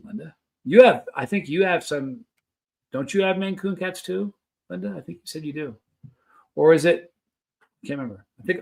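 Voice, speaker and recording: A man's voice: a little high, gravelly. A man hosting a live stream, chatting casually and reading out viewer comments in a rambling, friendly way.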